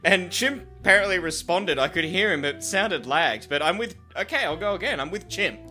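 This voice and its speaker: A man's voice: high-pitched, lively intonation, fairly quick, pushed and bright, faint music behind. A man co-hosting a casual podcast chat over a video call, sounding flustered and exasperated and swearing freely. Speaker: podcast co-host.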